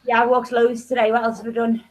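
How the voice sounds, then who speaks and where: A chatty woman rambles on about her day in a high, bright-pitched voice. Her telling is loose and conversational. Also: completely flat delivery, quick pace. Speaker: chat room participant. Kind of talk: casual chat.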